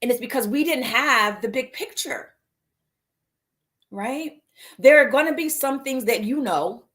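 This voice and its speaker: A woman's voice: high-pitched, measured pace. A woman hosting a live mindfulness show, talking casually and playfully, reading viewer comments aloud and laughing easily between reflective stretches. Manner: playful and animated, reads viewer comments aloud, frequent "right?" and "y'all"; laughs easily and slips into exaggerated voices for asides. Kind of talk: casual live-stream talk about setting an intention.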